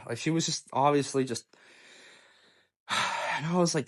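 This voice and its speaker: A young man telling a personal story in a casual, profane, excitable way, often stammering and restarting. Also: on the high side, unhurried, pauses often.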